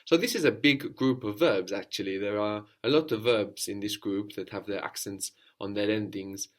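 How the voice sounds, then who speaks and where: Low-voiced male language teacher, patient. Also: normal speed. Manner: patient, prompts the student and repeats answers. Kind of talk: guided audio lesson.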